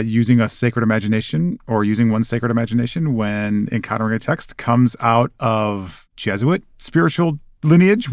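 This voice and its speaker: A man's voice: mid-range voice, dry recording, studio quality. A man co-hosting a podcast, explaining things in a thoughtful way and reading aloud. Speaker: podcast co-host.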